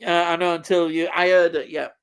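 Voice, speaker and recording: A man's voice: fairly high pitch, little pitch movement, a little fast, fairly bright tone, clean tone. A man co-hosting a live stream, reading viewer comments in an easygoing way and laughing often. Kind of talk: casual live stream chat.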